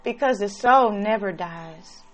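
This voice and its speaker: A woman preaching a sermon, slow and dramatic, swinging between loud emphatic lines and soft, hushed ones. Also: medium pitch, faint music behind.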